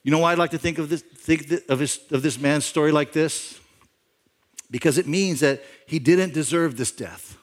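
Man preaching in a storytelling way. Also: moderate pace. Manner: conversational storytelling, imagining a backstory aloud; rises in pitch and volume for emphasis. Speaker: pastor. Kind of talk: sermon.

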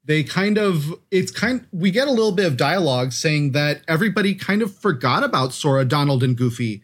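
Male co-host, mid-pitched, rambling recap with plenty of hedging. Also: lively intonation, fairly quick. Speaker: podcast co-host. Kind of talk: casual gaming chat.

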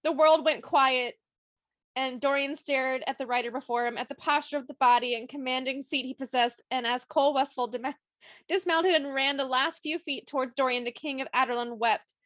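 A woman's voice: sits high, steady tone, brisk, a bit bright, no echo. A woman co-hosting a book podcast, reading passages aloud and reacting emotionally in casual chat. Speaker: podcast co-host.

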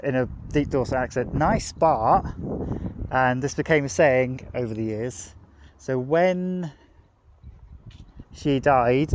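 A podcast host from England who grew up in Devon talks casually and reflectively into a phone he holds while walking outdoors past streets and a cemetery, with restarts and asides. His voice is mid-range, and the phone recording picks up clear traffic noise, passing cars and urban street sounds.

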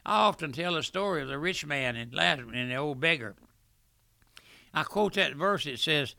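An older man preaching a fervent radio sermon, swelling loudly at points and breaking into asides. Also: a little high, expressive, normal speed, vocal fry, no echo.

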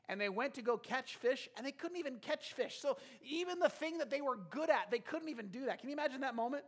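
A man's voice: very high-pitched, fast, few pauses, fairly bright tone. A man preaching a sermon, retelling a scripture story and acting out the characters' lines.

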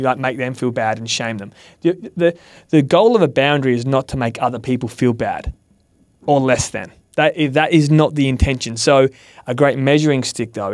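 A man's voice: medium pitch, dry recording, studio quality. A man on a podcast giving candid, earnest advice, swearing now and then and acting out quoted lines. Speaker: podcast guest, mentor. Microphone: studio mic.

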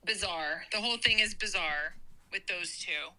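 A woman with a very bright, sharp voice chats casually on a podcast, her comments blunt and exasperated. She talks over a video call. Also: lowish voice, normal speed, poor audio. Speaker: podcast co-host. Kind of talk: casual chat about reality TV.

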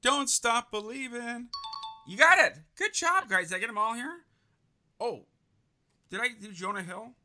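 A man's voice: high-pitched, big pitch swings, moderate pace, long pauses, pushed and bright, faint music behind. A man hosting a casual celebrity quiz, upbeat and encouraging as he reads names off a list. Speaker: host.

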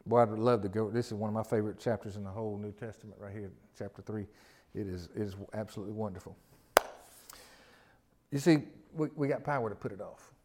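A middle-aged man preaching a sermon, moving between loud emphatic passages and quiet personal storytelling. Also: on the low side, fast talker, a little hiss or hum. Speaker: pastor.

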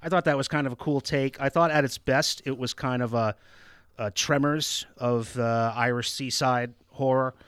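A man co-hosting a podcast, chatting casually about a horror movie, relaxed and rambling. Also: medium pitch, moderate pace, smooth, no room sound, clean studio sound. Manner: relaxed, rambling, laughs often. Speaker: podcast co-host. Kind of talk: casual movie review chat.

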